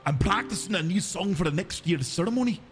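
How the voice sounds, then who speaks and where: A man's voice: sits high, expressive, fast talker, in a large hall. A man voicing a tiny, cheerful male forest creature who plays music, with a Scottish accent. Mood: eager. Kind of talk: voicing a game character.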